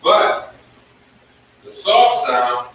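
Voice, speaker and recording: A man teaching a live-streamed Hebrew lesson, slowly sounding out syllables at a board. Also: mid-range voice, sing-song, a bit bright. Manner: slow, drawn-out sounding of syllables. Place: room with a whiteboard. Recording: echoey room, mic at a distance.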